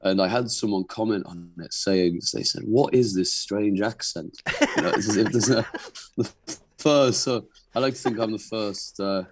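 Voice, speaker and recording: A man's voice: lowish voice, fairly even intonation, moderate pace, no room sound. A young man from Carlisle with a Cumbrian accent, talking earnestly as a guest in a casual interview, with frequent restarts. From Carlisle, England. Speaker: band frontman, guest.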